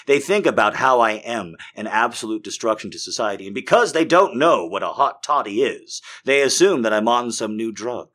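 Male podcast comic, rambling and profane, bright lively voice. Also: medium pitch, normal speed, hardly any pauses. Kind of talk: comedic monologue.

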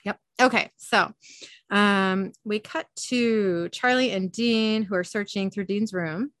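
A woman's voice: medium pitch, slow, fairly bright tone, dry recording. Chatty woman recapping, dry close sound. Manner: chatty, laughing asides. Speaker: podcast host. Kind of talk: casual episode recap.

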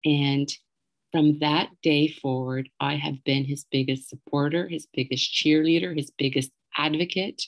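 A woman's voice: deep voice, fairly even intonation, a little slow. A middle-aged woman telling a candid, emotional personal story and swearing freely as she goes.

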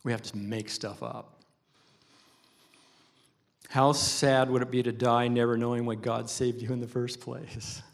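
A man's voice: medium pitch, little pitch movement, a little slow, gravelly, long pauses. A man preaching a sermon as pastor, earnest and emphatic, leaning on repetition.

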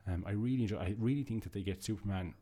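A comics-reviewing podcast host talks very fast in a fairly low, dark and slightly rough voice. His take is casual and enthusiastic, rambling with frequent restarts and fillers.

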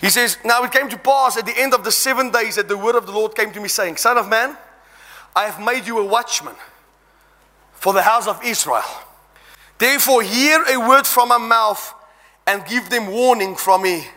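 A man's voice: high-pitched, moderate pace, pushed and bright. A man preaching an impassioned sermon, reading scripture aloud and exhorting his congregation. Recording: long reverb in a large hall.

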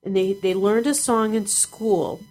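A woman's voice: medium pitch, steady tone, measured pace, warm tone, low-quality recording. Chatty woman talking about her kids. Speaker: podcast co-host, parent. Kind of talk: casual chat.

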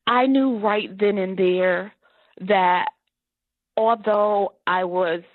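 A woman guest telling her life story in an interview, earnest and animated, often laughing. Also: medium pitch, dry recording. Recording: tinny phone line.

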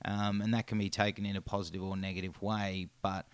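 A man's voice: low voice, level tone, brisk, clean tone, no room sound. A man hosting a podcast interview, asking long, run-on questions with many ums. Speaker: podcast host. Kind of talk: casual interview.

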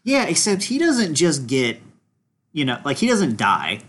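A man co-hosting a podcast, talking in a relaxed, rambling way. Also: fairly high pitch, a little slow, slightly rough. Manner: relaxed, rambling with fillers and restarts. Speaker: podcast co-host. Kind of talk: casual chat.

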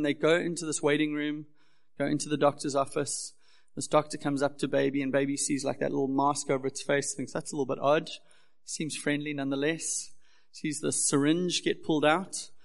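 A young pastor preaches with earnest conviction, his voice sitting a touch high for a man. There is a gravelly fry in his tone, and the sermon builds in intensity as he goes. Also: level tone, fairly quick.

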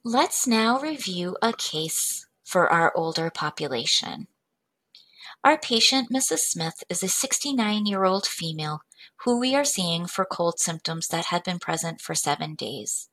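A woman with a slightly low voice reads through a patient case. Her delivery is measured and clinical, as if presenting to fellow professionals. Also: lively intonation, a bit bright. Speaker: medical educator.

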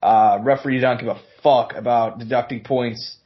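A man's voice: medium pitch, fairly even intonation, moderate pace, highs cut off. A man co-hosting a casual sports podcast in a laid-back manner, swearing freely. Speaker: podcast co-host.

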